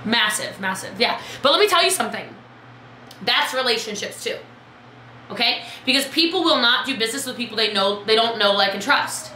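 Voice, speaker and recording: Bright, high-voiced woman coaching live. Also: a little fast, reverberant, slight background noise, low-quality recording. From Texas. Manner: lively, chatty, calls out viewers by name. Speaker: business coach. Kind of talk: live video coaching talk.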